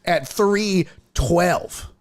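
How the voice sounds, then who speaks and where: A man's voice: high-pitched, drawn-out words, background noise. A man hosting a sports talk livestream, chatting casually in a rambling, profane way and laughing often. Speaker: sports show host.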